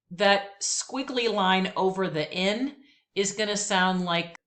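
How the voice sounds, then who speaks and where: A woman teaching a Spanish lesson, patiently repeating each phrase slowly twice, with chatty asides between drills. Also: medium pitch, a bit bright. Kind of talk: language lesson.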